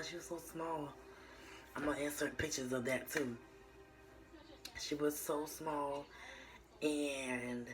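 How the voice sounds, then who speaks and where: A woman's voice: very deep voice, rough recording. A young woman telling her viewers a personal story in a casual, meandering way, full of fillers and restarts. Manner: addresses viewers as y'all.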